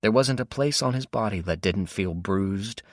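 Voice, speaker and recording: A deep-voiced man narrates an audiobook from a script, telling the story in a steady, measured way. The studio sound is clean, with no echo.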